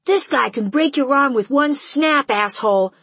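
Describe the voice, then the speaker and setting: A woman's voice: sits high, moderate pace, fairly bright tone, no room sound, pitched above the performer's own voice. A woman reading a tough teenage boy who threatens a bully. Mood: threatening.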